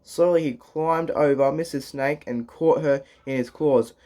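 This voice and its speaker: A man reads a children's storybook aloud in a casual, unpolished way. He moves through the text slowly, restarting lines that trip him up. Now and then he breaks off for offhand asides. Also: fairly high pitch, dark tone. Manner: halting, slow, restarts lines, swears in asides. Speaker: reader.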